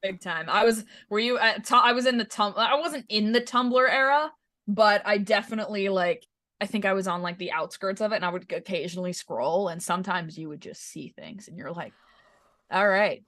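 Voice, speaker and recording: A woman's voice: medium pitch, fairly quick, a bit bright, dry recording, clean studio sound. A young woman from Southern California hosting the show, chatting casually with many fillers and restarts. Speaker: host. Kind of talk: casual chat.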